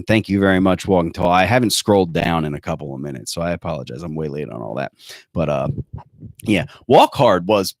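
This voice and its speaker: Recorded in studio quality with no room sound, this low-voiced man hosts a podcast in a loose, joking way. He rambles, corrects himself and restarts often, with plenty of fillers.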